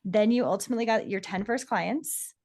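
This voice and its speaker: A woman's voice: medium pitch, brisk, darkish tone. A woman hosting a casual podcast interview, responding with encouragement and asking follow-up questions. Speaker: podcast host.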